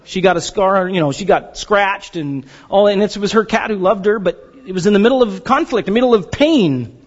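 Guy pastor giving a sermon, jokey and animated, high voice, kinda muffled lo-fi audio. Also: moderate pace, in a large hall. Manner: animated and joking, acts out quoted voices.

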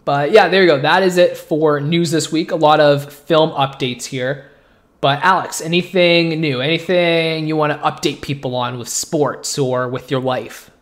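A man co-hosts a casual pop-culture-style chat show. His voice sits a bit high for a man, and he rambles along with jokey asides and easy banter. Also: steady tone. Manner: joking, rambling, quick asides. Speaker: podcast co-host.

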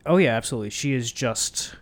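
A man's voice: mid-range voice, animated, fast talker. A man in casual chat, bluntly and sarcastically recapping a movie he disliked, with plenty of swearing.

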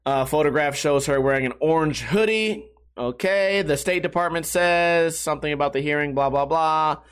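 High-voiced young man ranting casually. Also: normal speed, smooth. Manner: rambling, self-mocking, swings between high and low pitch. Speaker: podcast host. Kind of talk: casual profane rant.

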